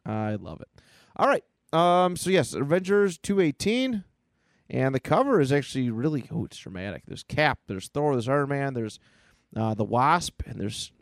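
A man's voice: medium pitch, big pitch swings, moderate pace, vocal fry, no room sound. Man hosting a casual comics podcast, eager and chatty, mid-range voice. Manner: enthusiastic, retelling a comic aloud. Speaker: podcast co-host. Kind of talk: casual chat.

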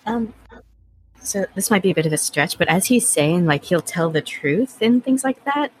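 Low, husky-voiced woman player. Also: lively intonation, moderate pace, poor audio. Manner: hesitant, restarts often. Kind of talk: casual tabletop play.

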